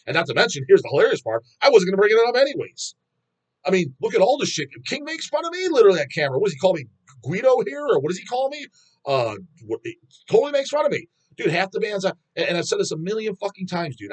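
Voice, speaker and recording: A man's voice: on the high side, breathy edge. A man hosting a metal channel, ranting bluntly in a rambling, profanity-heavy vlog monologue.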